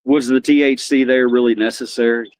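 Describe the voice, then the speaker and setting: A man's voice: medium pitch, steady tone, fairly quick, darkish tone, no room sound. A man chatting casually on a live stream, rambling and often repeating and restarting his phrases.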